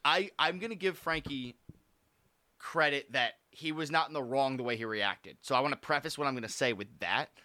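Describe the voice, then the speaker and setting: A man telling a story in casual, animated chat, swearing freely. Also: medium pitch, normal speed, no echo.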